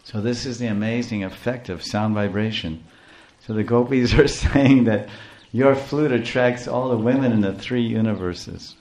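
A man giving a devotional lecture as a spiritual teacher, telling a story in a playful, animated way and laughing often. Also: mid-range voice, moderate pace, muffled recording.

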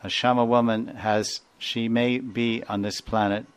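A man's voice: mid-range voice, level tone, unhurried, smooth. A man giving a devotional lecture, digressive and prone to laughing, who acts out sounds as he goes. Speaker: spiritual teacher.

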